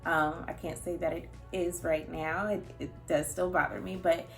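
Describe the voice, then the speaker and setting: A young woman speaking in a candid personal vlog. She is earnest and emotional, talking haltingly with frequent fillers and nervous laughs. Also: lowish voice, little pitch movement, gravelly, soft background music. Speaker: vlogger.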